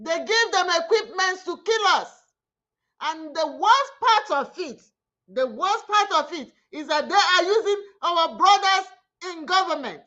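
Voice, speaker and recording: Woman, Nigerian Igbo accent, online host, impassioned appeal, high voice, slow deliberate delivery. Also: expressive, pushed and bright, dull audio. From southeastern Nigeria. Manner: pleading, emphatic, heavy repetition.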